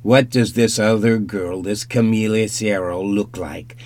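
A man's voice: on the low side, steady tone, unhurried, darkish tone, lightly acted. A man reading an audiobook, voicing a blunt, growling police lieutenant who fires off questions. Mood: gruff, pressing.

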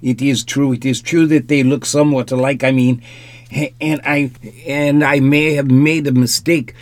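A man reading an audiobook, voicing a nervous, formal young man with a slight accent in higher, louder tones. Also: steady tone, unhurried, no echo, close to an everyday voice. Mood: rapid, frightened.

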